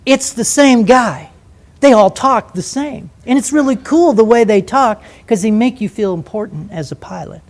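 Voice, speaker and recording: Older man, ex-pilot, spins a story for an audience, lively and vivid. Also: very high-pitched, moderate pace. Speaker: former jet pilot.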